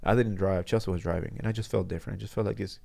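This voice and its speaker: A man with a low, gravelly voice and a dark, mellow tone, telling a personal story as a guest in a studio interview. He speaks in a halting, earnest way, often circling back and restarting his sentences. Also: fairly even intonation.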